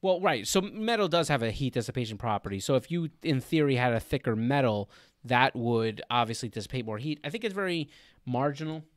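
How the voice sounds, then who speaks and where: A man's voice: medium pitch, expressive, fairly quick, no echo, clean studio sound. A man hosting a casual live stream Q and A, explaining with lots of fillers and laughing along.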